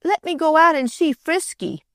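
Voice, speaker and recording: A woman voices an eager little boy who insists on things and stumbles over his words, using a high, bright, exaggerated voice pitched above her own. She's very animated at a moderate pace, and the studio recording is clean and dry.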